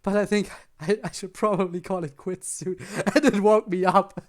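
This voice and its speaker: A tired game streamer giggles often while chatting casually and self-consciously with viewers late at night as they play. Their medium-pitched voice keeps a fairly even intonation at a moderate pace.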